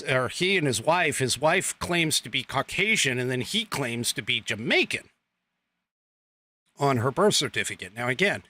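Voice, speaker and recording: A man's voice: mid-range voice, sharp tone. A man hosting a political commentary podcast in a casual, rambling way, full of fillers, restarts and sarcastic asides. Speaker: podcast host.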